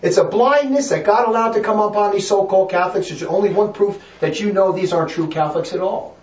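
A man's voice: high voice, quick pace, a little mellow, echoey room, distant mic, muffled recording. A man preaching a fiery, emphatic sermon, hammering his points with repetition.

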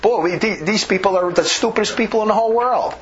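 A man's voice: high voice, fast. A man preaching an impassioned sermon, emphatic and rambling, often restarting his sentences. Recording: dull lo-fi recording.

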